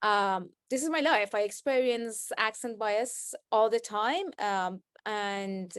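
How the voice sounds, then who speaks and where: A woman panelist who speaks English with an accent, talking slowly and thoughtfully on a video call. Her voice is smooth and clear, with a dry, close sound. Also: medium pitch, no room sound. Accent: non-native English. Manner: slow, measured, reflective. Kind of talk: online panel discussion.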